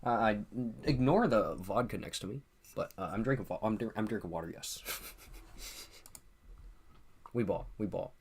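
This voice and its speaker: A man's voice: fairly low pitch, lively intonation, moderate pace, pauses often, breathy edge. Laid-back, cussing young male streamer. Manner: loose and profane, heavy slang, repeats himself, laughs often. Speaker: livestreamer. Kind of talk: casual livestream chat, reading viewer comments. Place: at home streaming with a drink at hand.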